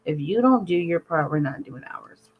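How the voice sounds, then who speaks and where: Lower-voiced woman co-host, casual and playful, animated storytelling with laughs. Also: normal speed, husky, muffled recording. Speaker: co-host and virtual event host. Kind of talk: casual chat.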